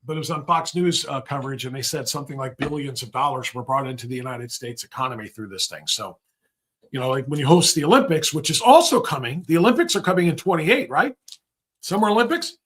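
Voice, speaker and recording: A man's voice: medium pitch, expressive, quick pace, a bit bright, breathy edge. A middle-aged man hosting a livestream, giving rambling, sarcastic political commentary. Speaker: host.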